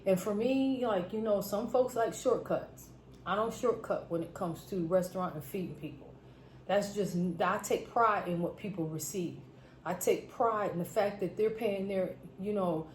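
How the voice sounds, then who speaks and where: A woman's voice: medium pitch, normal speed, darkish tone. A woman telling stories to camera in a casual vlog, emphatic, repeating phrases for stress. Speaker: food vlogger. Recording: roomy echo, faint background noise.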